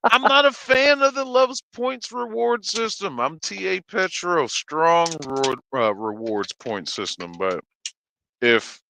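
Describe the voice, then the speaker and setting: A man's voice: sits high, takes it slowly, creaky, rough recording. A man co-hosting a casual livestream chat, a truck driver who jokes and acts out voices. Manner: animated, jokey, acts out quotes loudly.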